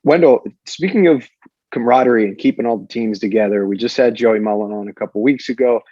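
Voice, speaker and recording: A man's voice: medium pitch, fast, no room sound, highs cut off. A man co-hosting a podcast, chatting with a guest in an upbeat, casual way. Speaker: podcast co-host.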